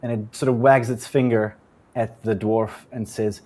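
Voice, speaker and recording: A man's voice: fairly low pitch, level tone, unhurried, warm tone. A man running a tabletop game as game master, narrating casually with plenty of fillers.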